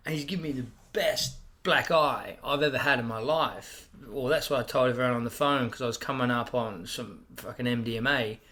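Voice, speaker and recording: An Australian man and comedian, telling profane, animated stories in a casual chat and getting loud when he acts out what people said. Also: mid-range voice. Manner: loud bursts when acting out quotes. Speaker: guest comedian.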